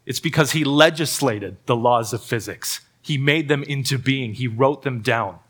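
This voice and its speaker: A man's voice: mid-range voice, moderate pace, a bit bright. Earnest preacher man with a middle voice. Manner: earnest, with self-deprecating humor and frequent word repeats. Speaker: pastor. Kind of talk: sermon. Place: church service.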